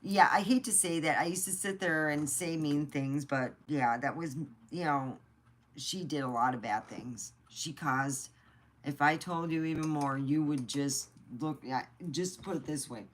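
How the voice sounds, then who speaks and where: A woman's voice: low-pitched, measured pace. A middle-aged woman from the United States telling personal stories in a blunt, chatty way and swearing freely. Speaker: vlogger. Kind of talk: casual storytelling.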